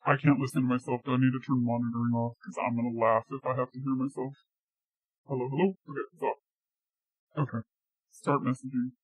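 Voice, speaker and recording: A woman's voice: a bass voice, flat delivery, fast talker, no echo, phone-quality sound. A woman streamer chatting casually and giggling while she tests a voice changer. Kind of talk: casual live-stream chat.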